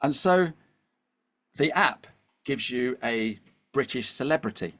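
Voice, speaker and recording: A man's voice: mid-range voice, takes it slowly. A middle-aged man, a podcast guest, telling a story animatedly and checking in with his listener often. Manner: animated, keeps checking in with "okay?" and "all right?". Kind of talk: storytelling conversation.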